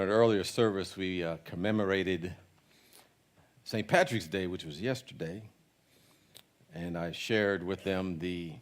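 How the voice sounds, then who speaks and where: A man with a Jamaican accent preaching a sermon in a relaxed, conversational, joking way. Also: low voice. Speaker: pastor. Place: church sanctuary.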